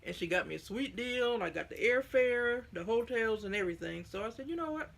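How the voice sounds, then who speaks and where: A woman's voice: fairly high pitch, brisk, vocal fry, a little hiss or hum. A middle-aged woman with a Southern US accent, chatting to camera in a folksy, rambling way on her own vlog. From United States. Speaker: vlogger. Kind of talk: casual chat to camera.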